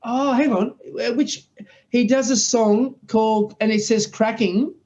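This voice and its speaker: A man's voice: extremely high pitch, steady tone, measured pace, a little mellow, dull audio. A man in his late sixties with an Australian accent, a guest telling rambling stories in casual interview chat. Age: 60s. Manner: rambling storyteller, many restarts.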